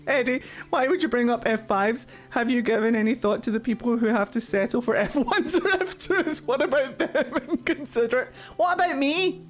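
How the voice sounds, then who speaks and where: A woman's voice: on the high side, moderate pace, hardly any pauses. A woman live-streaming a game, chatting with viewers in a crude, giggly way and laughing often. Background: game music.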